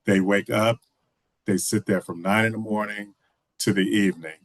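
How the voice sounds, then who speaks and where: A man talking over a video call, his voice sitting low. The sound is dry with no room around it. He tells his stories loosely, restarting and filling with "you know.". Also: fairly even intonation, moderate pace, no echo. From Texas. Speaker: filmmaker guest. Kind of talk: casual video call interview.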